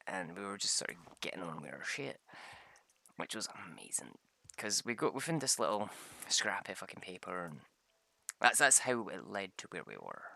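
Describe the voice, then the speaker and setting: A man's voice: fairly low pitch, creaky, bright, forceful tone. A young man, rambling through tabletop game stories, swearing and laughing often. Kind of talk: casual chat.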